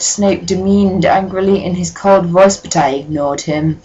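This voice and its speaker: A woman's voice: lowish voice, steady tone, a little slow, darkish tone, low-quality recording. A woman giving a comic reading of a fan story, breaking in with dry, sardonic asides. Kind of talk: comic dramatic reading with commentary.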